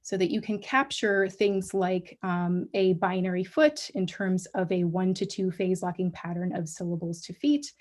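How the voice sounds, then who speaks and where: A woman's voice: lowish voice, normal speed, hardly any pauses, a little mellow. Woman giving an academic lecture. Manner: explanatory, frequent ums and restarts. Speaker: guest lecturer. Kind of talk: academic colloquium talk. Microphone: livestream talk mic.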